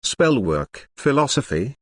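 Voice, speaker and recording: A man voicing a sharp, clever young princess who fires off blunt questions in a recap reading. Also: medium pitch, big pitch swings, measured pace, no room sound. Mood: questioning.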